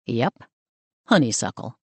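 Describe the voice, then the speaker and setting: A woman's voice: a bass voice, very animated, a little slow, breathy edge, no room sound, pitched below the performer's own voice, heavily acted. A woman doing a cocky, teasing young surfer guy. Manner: playful, smirking banter.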